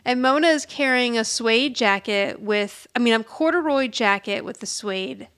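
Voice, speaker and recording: A woman with a fairly high, gravelly voice retells a TV episode in casual podcast chat. She acts out each character's lines and laughs often as she goes. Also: normal speed, a bit bright. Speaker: podcast co-host.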